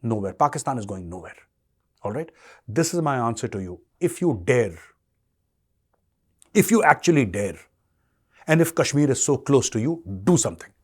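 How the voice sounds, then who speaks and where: A man's voice: medium pitch, big pitch swings, moderate pace, pauses often. Taunting Indian man, political rant. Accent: Indian English. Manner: taunting, sarcastic, repeats rhetorical questions. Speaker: commentator. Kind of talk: combative political monologue.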